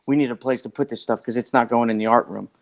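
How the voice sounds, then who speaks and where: A man who is a podcast guest, telling a long story in a rambling, animated way and acting out what other people said. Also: mid-range voice, quick pace. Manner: rambling and animated, acts out others' lines, many "like" fillers. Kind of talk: casual storytelling.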